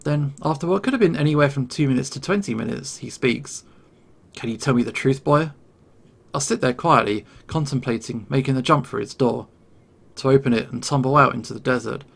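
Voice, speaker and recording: A man narrates a first-person story in a tense, measured way. His voice is mid-pitched with a gravelly texture.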